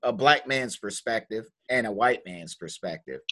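A man's voice: on the low side, expressive, moderate pace, fairly bright tone. A man in a casual group discussion, speaking earnestly and restarting phrases as he builds his points. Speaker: panel guest and writer.

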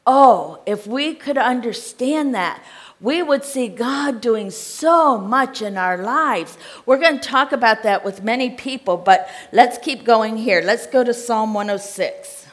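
Woman, American accent, sermon, chatty, checks in with listeners, fairly high voice. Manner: conversational, checks in with the congregation. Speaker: preacher. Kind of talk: sermon with scripture reading.

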